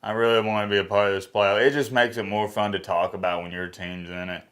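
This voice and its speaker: A man, a sports YouTuber, talking in a dejected, halting way, sighing and close to tears in a reaction vlog. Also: fairly low pitch, little pitch movement, fairly bright tone.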